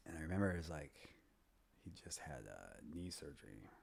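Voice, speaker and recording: Here the fifty-something MMA fighter and trainer talks briskly in a very deep, gravelly, slightly mellow voice with big pitch swings, and there's a bit of hiss or hum. As a guest in a casual interview, he rambles through stories and often whispers when quoting someone.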